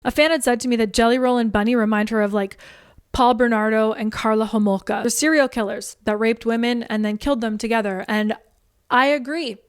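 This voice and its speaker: A woman's voice: on the high side, steady tone, clear, resonant tone. A woman telling her side of a personal feud straight to camera, blunt and indignant, often acting out what others said. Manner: indignant, blunt, quick to act out quoted voices. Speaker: online commentator. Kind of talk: direct-to-camera storytelling.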